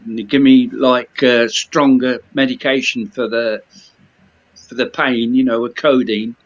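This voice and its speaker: Slow rambling man on a dull call. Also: medium pitch, little pitch movement. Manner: rambling, leans on "you know". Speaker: guest on a video-chat livestream. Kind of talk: casual chat. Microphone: video call.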